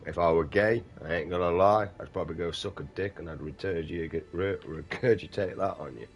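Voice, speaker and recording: A gaming vlogger with an extremely low, booming voice. He rambles in a casual, profane rant, swinging between crude mockery and loose storytelling. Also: fairly quick. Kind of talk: casual rant over gameplay.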